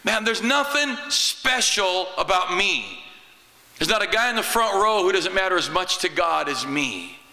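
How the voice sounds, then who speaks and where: A middle-aged man, a pastor, preaching a sermon in a church, shifting between loud exclamations and quiet asides. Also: sits high, animated, measured pace, gravelly. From United States. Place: church sanctuary. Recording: church hall reverb.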